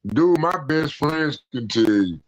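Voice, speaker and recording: A man spins a casual, profane story on an online call. His voice sits high and swoops all over as he acts out each quote. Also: lively intonation, takes it slowly, low-quality recording. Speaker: panel guest.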